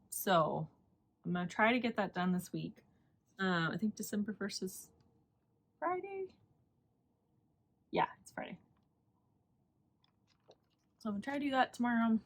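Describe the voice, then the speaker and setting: A woman's voice: mid-range voice, expressive, measured pace, pauses often. A woman hosting a knitting podcast in casual chat, rambling and chatty and laughing often.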